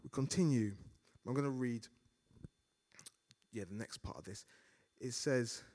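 Male preacher giving a sermon, animated delivery, acts out inner thoughts. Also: mid-range voice, measured pace.

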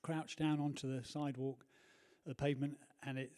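A man preaching a sermon in a church, telling a personal story earnestly, moving from hushed to loud. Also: mid-range voice, level tone, moderate pace.

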